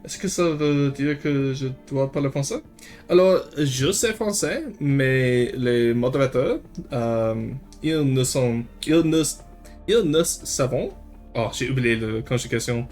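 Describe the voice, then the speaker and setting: There's faint music under this young man from Quebec, who answers livestream viewers in an unhurried, mid-range voice. The chat is casual and animated, full of laughter, cursing, and shifts into French.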